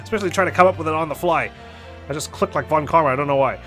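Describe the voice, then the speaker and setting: A man's voice: on the high side, very fast. A man casually commenting while he plays a game, chatty and self-deprecating. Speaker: let's play host. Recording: game music behind voice.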